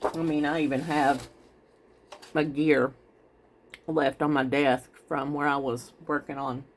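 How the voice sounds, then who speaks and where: A woman's voice: sits low, little pitch movement, slow, a little hiss or hum. A woman chatting casually through a craft video, rambling and talking straight to her viewers. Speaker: craft vlogger.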